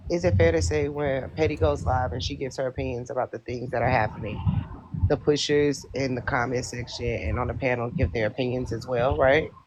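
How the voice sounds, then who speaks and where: Measured man, noisy line with clicks. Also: mid-range voice, steady tone, muffled recording. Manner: measured, asks pointed questions one by one. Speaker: guest on a live stream. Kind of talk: live stream debate.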